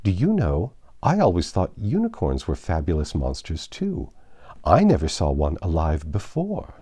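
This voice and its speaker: A man's voice: deep voice, huge pitch swings, normal speed, dark tone, slightly rough, no room sound, exaggerated voice. A man reading aloud, voicing a curious, polite young girl. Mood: eager. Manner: eager, polite.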